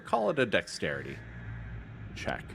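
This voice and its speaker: Man, game master, low voice, halting, faint noise. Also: wildly swooping pitch, vocal fry. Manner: hesitant, many fillers. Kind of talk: narrating a tabletop game.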